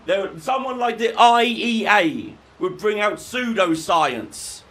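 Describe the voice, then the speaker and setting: A man from the UK doing a live stand-up set, crude and sardonic, breaking into shouted rants. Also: sits high, animated, slow pace, poor audio. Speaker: stand-up comedian. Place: comedy venue with live audience.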